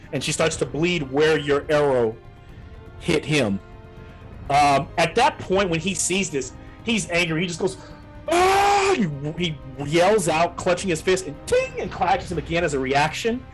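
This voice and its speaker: Man game master for an online tabletop session, slightly high-pitched, feels his way through scenes with restarts. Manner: halting descriptive narration with frequent restarts.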